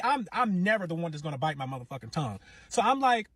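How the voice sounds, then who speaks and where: Fast-talking husky man telling a story. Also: fairly high pitch, no room sound. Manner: animated, profane, rambling. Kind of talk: casual storytelling.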